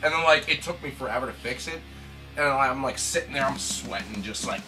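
A man, a band's drummer, telling profane, animated stories and acting out what people said. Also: mid-range voice, brisk. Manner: animated, profane, acts out quotes. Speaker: band drummer. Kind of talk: casual storytelling interview. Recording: music behind, voice from off mic.

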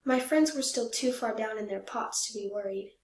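A woman reads a children's picture book aloud, gentle and measured, her voice sitting a little high. The recording has a roomy echo around it. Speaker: storybook reader. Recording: echoey room.

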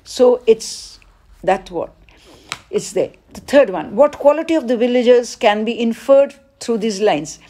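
A woman's voice: on the high side, lively intonation, warm tone. Woman teacher explaining exam answers. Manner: reads questions aloud, then explains with pauses. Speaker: English teacher. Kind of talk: exam paper walkthrough lesson.

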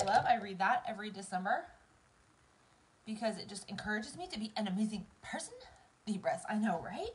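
Against background noise, a medium-pitched woman with a Southern American accent, in her thirties, does her makeup live and chats straight to her viewers. Her talk is casual but emotional, and she is teary and near tears.

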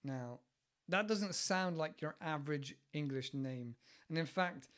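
A man hosting a casual English-learning podcast, rambling and animated, with lots of repeated words, recorded on a studio microphone. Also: a little high, measured pace. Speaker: podcast host. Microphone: studio microphone with headphones.

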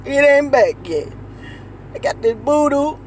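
A woman hosts a casual eating-show vlog, talking to her viewers at a slow, drawn-out pace. She is dramatic and repetitive and keeps coming back to the same phrases. Faint street noise sits behind her. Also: high-pitched, animated, darkish tone. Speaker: mukbang host.

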